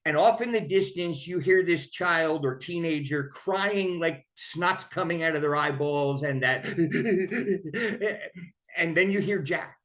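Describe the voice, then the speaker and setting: A man's voice: fairly high pitch, measured pace, few pauses, fairly bright tone. A man telling his own story of recovery in a candid, conversational way. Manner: candid, conversational, acts out quoted voices. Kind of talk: personal storytelling.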